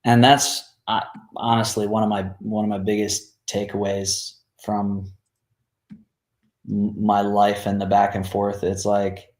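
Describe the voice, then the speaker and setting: A man who grew up in Jordan talks as an interview guest, slow and hesitant with many ums. His voice sits fairly low, and the sound carries a roomy echo. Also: completely flat delivery, a little mellow. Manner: hesitant, lots of ums and pauses. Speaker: podcast guest, veteran and singer. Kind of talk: casual interview talk.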